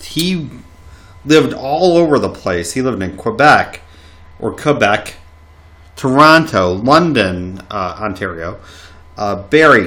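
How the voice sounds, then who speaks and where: A man co-hosting a casual history podcast, telling a local story with animated delivery and frequent laughs. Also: mid-range voice.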